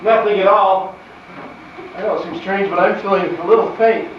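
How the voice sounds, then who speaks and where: A man's voice: high voice, steady tone, normal speed, slight background noise, natural voice. A man playing a bewildered, uneasy fiancé who keeps asking questions, in an amateur stage play. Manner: puzzled, asks lots of questions. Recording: distant muffled echoey stage recording.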